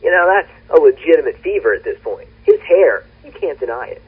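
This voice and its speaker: A man's voice: fairly high pitch, sing-song, a little fast, slightly rough. A man chatting on a podcast with dry, wry commentary. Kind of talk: casual podcast chat. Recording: tinny phone-line sound.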